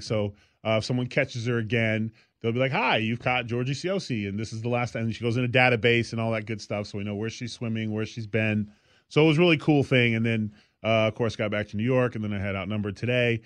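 A man's voice: medium pitch, fairly quick, a bit bright, clear, resonant tone, no room sound. A man co-hosting a podcast, telling stories in a loose, rambling way with lots of fillers. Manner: rambling storyteller, many fillers. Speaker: podcast co-host. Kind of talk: casual chat.

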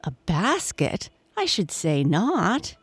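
A woman voicing an eager young male beaver who talks in a quick, excited way. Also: deep voice, no echo. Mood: earnest.

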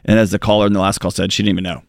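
A man's voice: sits low, flat delivery, racing, creaky, no echo, clean studio sound. Earnest man co-hosting. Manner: earnest, emphatic, joking banter. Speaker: radio show co-host. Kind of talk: advice talk show chat.

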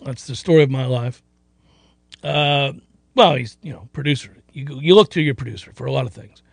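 A man's voice: mid-range voice, brisk, gravelly, dry recording. A man hosting a sports radio show in casual, rambling chat, sometimes slipping into playful mock voices.

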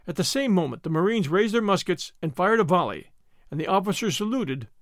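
Guy reading an adventure story, lively high voice, very dry sound. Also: brisk, dry recording. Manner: expressive storytelling. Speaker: narrator. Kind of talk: scripted narration.

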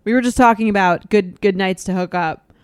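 A woman's voice: mid-range voice, fairly quick, clean tone, dry recording, studio quality. A woman hosting a podcast, chatting casually with lots of fillers and easy laughter. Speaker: podcast host. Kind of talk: casual chat.

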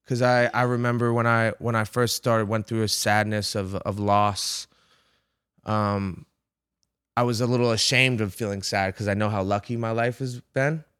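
Man, podcast guest, halting and reflective, dry close sound. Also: on the low side, fairly even intonation, fairly bright tone, clean tone, no echo. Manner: halting, searching for words, swears casually. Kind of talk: casual reflective conversation.

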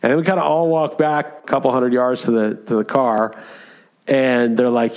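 A man co-hosting a casual podcast, telling a long story with rambling energy and plenty of fillers. His voice sits at an ordinary middle pitch for a man. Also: a little fast. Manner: animated storytelling with many fillers. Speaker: podcast co-host. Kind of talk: casual chat.

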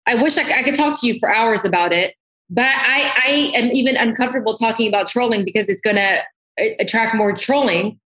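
A woman's voice: fairly high pitch, a little fast, bright, forceful tone. A woman makeup artist, a guest in a casual interview, talking candidly and animatedly and swearing freely. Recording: roomy echo.

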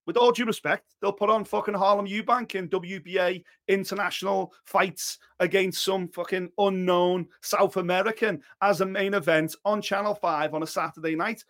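Animated, blunt man, high voice. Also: moderate pace, few pauses. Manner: blunt, animated, swears freely. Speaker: boxing podcast co-host. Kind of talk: casual chat.

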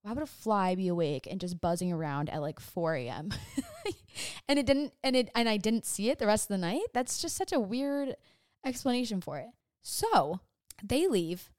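A young woman vlogger casually retelling a frightening night, animated and breathless, with lots of fillers. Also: medium pitch, normal speed, dry recording, clean studio sound. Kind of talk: casual storytime.

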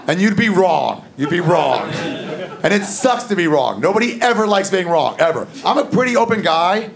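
A male comedian tells a story in a loose, crude way. His voice is fairly high and gravelly. A big live crowd laughs loudly throughout. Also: big pitch swings, normal speed. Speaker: stand-up comedian. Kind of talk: stand-up comedy set.

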